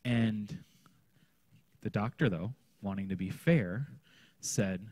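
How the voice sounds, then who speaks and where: A man's voice: on the low side, slow, pauses often, a little mellow, no room sound. A man, a children's pastor, teaching a workshop session in a conversational way, often checking in with his listeners. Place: conference room.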